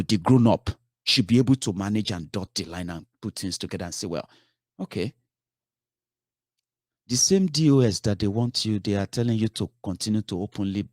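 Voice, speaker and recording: A man's voice: fairly low pitch, no echo, clean studio sound. A man giving a heated political commentary, scolding his listeners with rhetorical questions and swearing.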